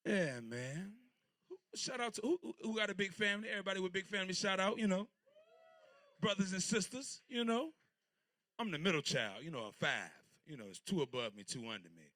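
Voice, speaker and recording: A man's voice: medium pitch, fairly bright tone, no echo, studio quality. A man in his thirties from Virginia doing a stand-up set, telling loose, rambling stories full of crude jokes. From Portsmouth, Virginia. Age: 30s. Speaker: stand-up comedian.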